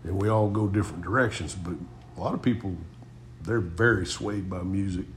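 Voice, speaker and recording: Here a middle-aged co-host of a Christian talk show talks fairly quickly in a low voice, earnestly sharing testimony and stories like a preacher with lots of fillers. The recording carries a little hiss or hum.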